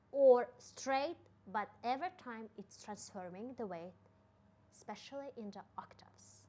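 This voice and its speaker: A young woman with a Kazakh accent explaining piano octave technique, counting out the hand actions aloud as she demonstrates. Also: on the high side. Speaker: piano teacher.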